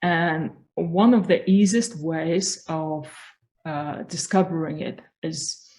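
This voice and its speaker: A woman giving a calm, explanatory talk as a spiritual growth coach, teaching listeners how to find their voice. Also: low voice, takes it slowly, low-quality recording. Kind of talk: instructional talk on voice.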